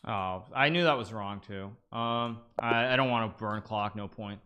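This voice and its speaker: A man commentating live on his own chess games as a streamer, thinking aloud, with sudden excited bursts of self-criticism. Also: lowish voice, normal speed, a little hiss or hum. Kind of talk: live commentary while playing online chess.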